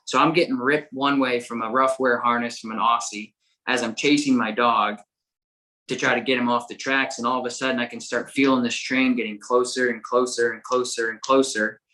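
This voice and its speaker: A man who is a guest on a dog-training podcast tells a story in a casual, animated way. His voice is bright and forceful. He stumbles over repeated words and swears freely as he gets caught up in the story. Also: mid-range voice, fairly quick, poor audio.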